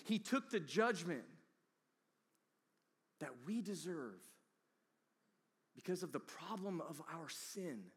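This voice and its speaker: A man's voice: a little high, animated, slow pace, long pauses, husky. Dramatic preacher man in a reverberant hall. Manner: dramatic swings from hushed whispers to loud emphatic peaks. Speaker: pastor. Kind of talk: sermon.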